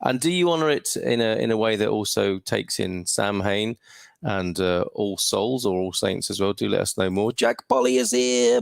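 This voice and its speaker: A man's voice: fairly low pitch, gravelly, no room sound. A man from the UK hosting a casual livestream from his home studio, greeting viewers and chatting with many hesitations. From United Kingdom. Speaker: livestream host. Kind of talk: casual livestream chat reading viewer comments.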